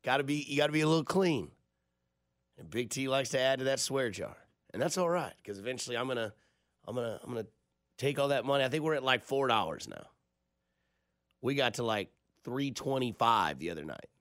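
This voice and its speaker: A man's voice: medium pitch, lively intonation, a little fast, fairly bright tone, dry recording. A man hosting a sports radio show, casual and jokey, on a close studio mic. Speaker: radio host.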